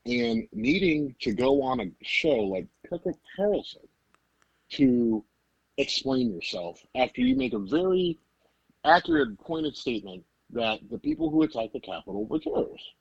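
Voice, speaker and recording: A man's voice: medium pitch, huge pitch swings, measured pace, vocal fry, slightly rough, dry recording, dull audio. A man co-hosting a podcast, talking politics in an emphatic, incredulous way. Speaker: podcast co-host. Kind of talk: casual political chat.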